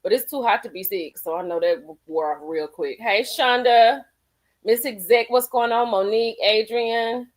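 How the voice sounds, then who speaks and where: A woman's voice: fairly high pitch, moderate pace. A woman hosting a casual live stream, chatting with viewers, greeting them by name and laughing often. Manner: folksy, calls people girl and honey.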